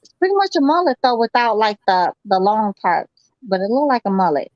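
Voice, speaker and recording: A woman's voice: on the high side, lively intonation, brisk, a little mellow, no room sound, highs cut off. A woman co-hosting a live boxing stream, blunt and slangy, swearing freely. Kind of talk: casual live commentary chat.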